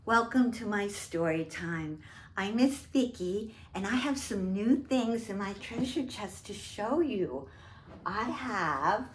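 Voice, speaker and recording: A woman hosting a toddler storytime, speaking in a slow, sing-song way, with exaggerated words for small children. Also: medium pitch, a little hiss or hum.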